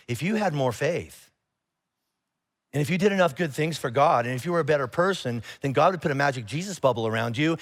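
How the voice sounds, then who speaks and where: Male pastor, higher-pitched voice, chatty preaching style that slips into playful dialogue. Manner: conversational, animated, acts out dialogue. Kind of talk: sermon. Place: church auditorium.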